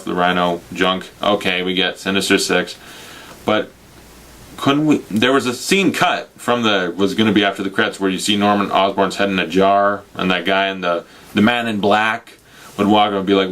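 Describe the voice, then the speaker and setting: A young man talks through a film review in a casual, ranting way, slipping into mocking quoted voices. His voice sits somewhat low. He swears freely and keeps a sarcastic edge throughout. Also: fairly bright tone. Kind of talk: casual spoiler review rant.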